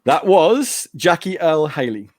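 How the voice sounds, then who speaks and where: A man's voice: fairly high pitch, big pitch swings, a little slow, a little mellow, dry recording. Man, podcast host, playful teasing quizmaster, dry close sound. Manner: playful, reads out quotes and teases. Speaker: podcast host running a movie quote quiz. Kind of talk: casual chat.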